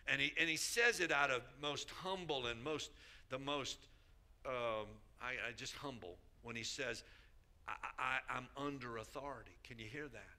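A man's voice: mid-range voice, moderate pace, pushed and bright. A man preaching a sermon as a bishop, emphatic, repeating key phrases and calling out to the congregation.

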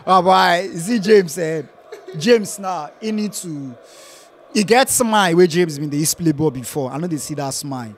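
Young Nigerian male football fan, Pidgin English, high voice, lively and laughing, casual match reaction. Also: a little slow, long pauses, slight background noise. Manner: lively, laughs often, repeats phrases. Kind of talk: casual post-match chat.

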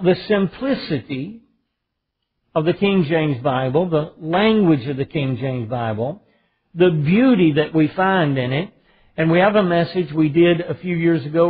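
A man with a Southern US accent, a pastor preaching a sermon with emphatic stresses on key words. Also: fairly high pitch. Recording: phone-like narrow band.

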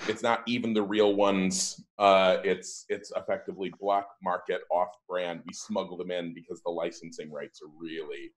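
A tabletop game player with a lowish male voice, rambling through joking answers with plenty of fillers. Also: level tone, moderate pace, hardly any pauses.

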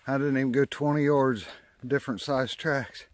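A man's voice: medium pitch, steady tone, moderate pace, no room sound. A man walking his trapline in the woods, talking to himself in a folksy way and a bit winded from the climbing. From West Virginia. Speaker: trapper vlogger. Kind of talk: walking outdoor vlog. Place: woods outdoors.

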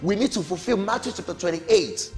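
A middle-aged man teaching a Bible lesson in a high, lively voice that swoops up for emphasis and drops low on each amen. His words ring with a long hall reverb, and faint music plays underneath. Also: brisk. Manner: emphatic, rising calls and falling amens. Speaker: Sunday school teacher.

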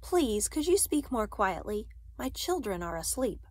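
Woman playing a quiet, composed mother. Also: on the high side, sing-song, unhurried, slightly rough, dry recording, heavily acted. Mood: pleading. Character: calm, protective mother.

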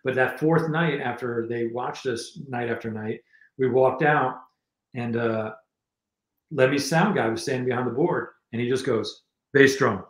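A New man spins long, rambling road stories in a loose conversational way, stopping and restarting his sentences. His voice sits at an ordinary middle pitch. The recording carries a noticeable echo from the room. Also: a little slow. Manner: rambling anecdotes with many restarts. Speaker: guest musician and filmmaker. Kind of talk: casual storytelling interview.

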